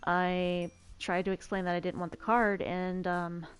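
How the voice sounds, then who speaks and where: A woman's voice: fairly low pitch, level tone, a little slow, slight background noise. A young woman streaming, chatting casually as she plays a survival game, telling a rambling story full of stammered restarts. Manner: rambling storyteller who stammers and repeats words. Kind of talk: casual chat while playing a survival game.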